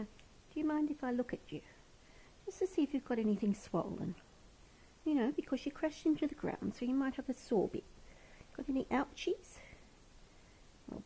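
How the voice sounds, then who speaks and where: Gravelly-voiced Australian woman cooing. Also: high voice, dark tone, slight background noise. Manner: coos tenderly with pet names. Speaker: wildlife carer. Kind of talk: talking to a rescued animal. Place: indoors at home.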